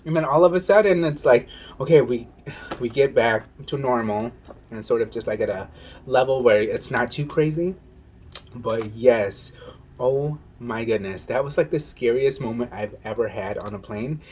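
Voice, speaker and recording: A man vlogging while eating, telling a story in a casual, animated way and saying "y'all". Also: mid-range voice, normal speed, slight background noise. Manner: animated, says "y'all" and "oh my goodness". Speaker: mukbang vlogger.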